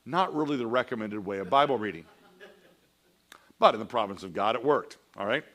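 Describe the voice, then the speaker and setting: A man's voice: on the low side, lively intonation, brisk, fairly bright tone. A man teaching a Sunday School class in a church, reading passages aloud and explaining them in a conversational way, often asking "all right?".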